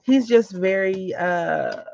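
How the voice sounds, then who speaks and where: Woman, rambling crafting vlogger, gravelly fry, dry dull lo-fi sound, chats through stories. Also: medium pitch, takes it slowly, noisy background. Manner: chatty, rambling, tells anecdotes. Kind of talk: casual chat while crafting. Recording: dull lo-fi recording.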